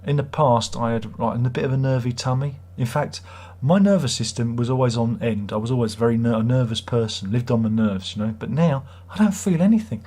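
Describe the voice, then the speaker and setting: Rambling British man, husky voice. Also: mid-range voice, a little fast, few pauses, dark tone. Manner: rambling, chatty, wry self-mocking. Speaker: livestream host. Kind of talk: casual livestream chat.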